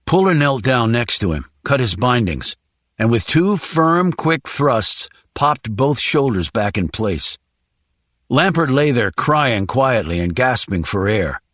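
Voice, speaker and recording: With a steady, measured storytelling style, a man reads scripted audiobook narration. His voice is medium-pitched, and the studio-quality recording has no room sound.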